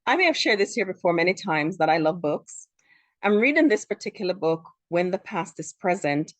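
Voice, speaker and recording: A woman's voice: lowish voice, dry recording. A woman from Jamaica who works as a therapist, hosting a solo podcast and explaining ideas earnestly, often repeating words as she goes.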